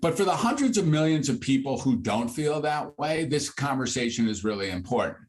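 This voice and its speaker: Animated older man psychiatrist, talking freely. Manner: animated, builds to high bursts when making a point. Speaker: psychiatrist guest. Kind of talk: conversational interview.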